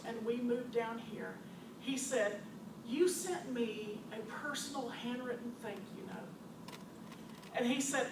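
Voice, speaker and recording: A store owner with a fairly high voice gives a storytelling presentation to a business audience, animatedly sharing customer stories. She laughs often and acts out what customers said. The recording is distant, echoey and noisy.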